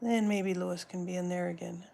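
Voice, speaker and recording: A woman's voice: fairly low pitch, fairly even intonation, brisk, gravelly, dark tone, a little hiss or hum. A woman hosting a casual live stream from home, rambling, breaking off mid-word and talking to her pets. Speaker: live-stream host chatting with viewers.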